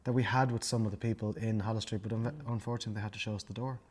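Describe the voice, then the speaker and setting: A man's voice: fairly low pitch, fairly even intonation, rapid-fire. An Irish man in a documentary interview, speaking in a reflective, subdued way.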